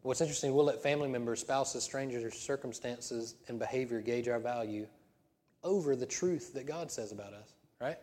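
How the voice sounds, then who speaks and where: A male pastor preaches in a church sanctuary with a mellow, darker tone. His talk is conversational and punctuated by emphatic bursts. A long hall reverb trails his words. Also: medium pitch, normal speed. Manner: conversational preaching with laughs and rising emphatic peaks. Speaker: senior pastor. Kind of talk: sermon.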